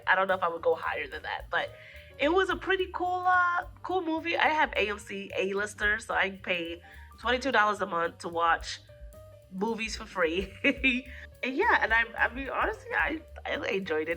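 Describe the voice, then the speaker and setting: A woman recapping a film in a casual review vlog, a little hoarse from a cold, animatedly acting out the lines as she goes. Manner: animated retelling, acting out lines in jumps of pitch. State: hoarse, getting over a cold. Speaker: movie reviewer.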